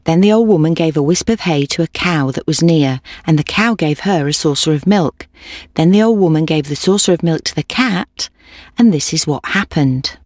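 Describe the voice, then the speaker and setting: A woman reading an old folk tale aloud in a steady, clear way. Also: low-pitched, moderate pace, no echo, studio quality. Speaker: storyteller.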